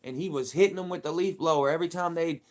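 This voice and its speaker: Profane ranting man, slightly high voice. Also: fast. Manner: profane, heated, rambling. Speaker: live streamer. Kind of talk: casual livestream rant.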